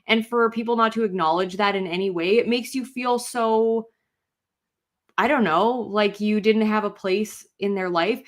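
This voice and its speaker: Young female co-host, relaxed reflective chatter, medium voice. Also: medium pitch, normal speed. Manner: reflective, talks things through with many fillers. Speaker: podcast co-host. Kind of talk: casual chat.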